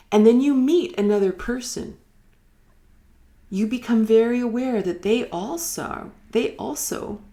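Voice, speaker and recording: A woman giving a reflective spiritual teaching in a live online session, musing and unhurried, sometimes dropping almost to a whisper. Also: on the high side, dark tone. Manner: unhurried, musing, drops to near-whispers at times. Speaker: meditation teacher. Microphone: live online broadcast.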